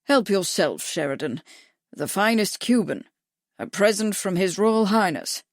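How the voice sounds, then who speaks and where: A genial, polished old admiral, courteous and unhurried, as a woman narrator puts him on. The reading is close and dry, with no room sound. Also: medium pitch, expressive, no echo. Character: courteous older male naval admiral.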